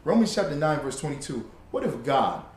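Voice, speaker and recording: A man's voice: on the high side, sing-song, fairly quick, a little hiss or hum. A man preaching with fiery, mocking commentary, his voice distant from the mic in a very echoey space. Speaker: religious teacher.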